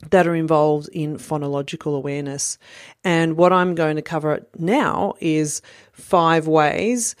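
A woman in her thirties with a low voice explains learning skills to parents. She talks patiently and conversationally, with casual fillers. The sound is dry and close, with no room echo. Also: a little mellow. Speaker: parent educator. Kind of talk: instructional talk to parents.

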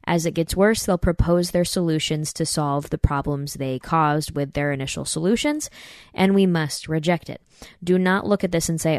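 A woman's voice: sits low, normal speed, a little mellow, no echo, clean studio sound. A woman hosting a podcast, giving emphatic political commentary and addressing listeners directly as "you guys". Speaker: podcast host.

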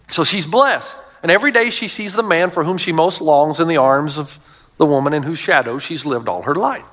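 High-voiced preaching pastor, middle-aged man. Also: lively intonation, moderate pace, fairly bright tone. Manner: storytelling with emphatic asides. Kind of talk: sermon.

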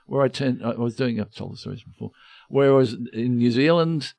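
A man's voice: medium pitch, fairly quick, vocal fry, darkish tone, dry recording. An Australian man co-hosting a podcast, telling rambling, self-deprecating stories in casual comedic chat with lots of restarts. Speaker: podcast co-host.

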